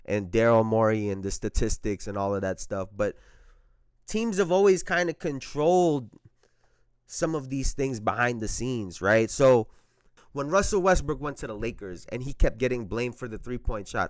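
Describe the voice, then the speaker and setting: A man hosting his own basketball commentary, talking his opinions through in a conversational, emphatic way. His voice sits at an ordinary middle pitch. The sound is close and dry, with no room behind it. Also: sing-song, moderate pace, clear, resonant tone, no room sound.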